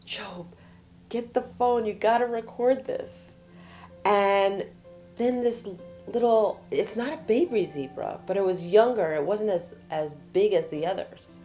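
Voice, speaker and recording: A woman telling a personal travel story with animation, swinging from excited to hushed. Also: sits low. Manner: animated, excited retelling that drops to hushed tones. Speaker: storyteller sharing her travels.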